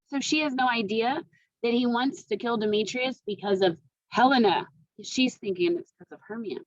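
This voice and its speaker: Reading a play with her students part by part, this teacher restates each section in casual words afterward. She speaks at normal speed with a higher-pitched voice, in lo-fi audio without echo.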